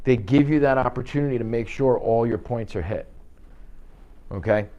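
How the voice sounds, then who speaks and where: Here a man gives a live training talk to real estate agents in an office, using punchy bursts, rhetorical questions, and frequent "okay?" check-ins. He has a warm, mid-range voice at normal speed, captured with lo-fi sound.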